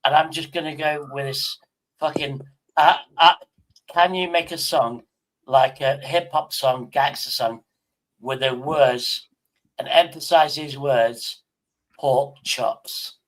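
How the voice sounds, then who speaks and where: A man hosting a loose live stream, talking in stop-start bursts and repeating words as he thinks. His voice sits at an ordinary male pitch. He swears offhandedly. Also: fairly even intonation, takes it slowly, low-quality recording. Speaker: livestream host. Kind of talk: casual live-stream chat.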